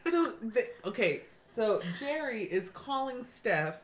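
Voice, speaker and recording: A woman co-hosting a casual chat, telling a story in an animated, slangy way with frequent laughter. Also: on the high side, takes it slowly, a little hiss or hum.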